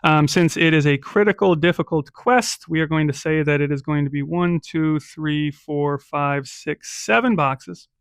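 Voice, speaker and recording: A man's voice: on the high side, measured pace, hardly any pauses, clear, resonant tone, dry recording, studio quality. Casual male solo game master. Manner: casual, with frequent "right?" and "um". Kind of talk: solo tabletop game narration.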